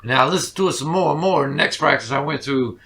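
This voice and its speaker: Gravelly, bright-voiced man swearing freely. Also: on the high side, fast talker. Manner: rambling, heavy swearing, lots of fillers. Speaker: podcast guest, musician. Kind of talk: casual storytelling interview.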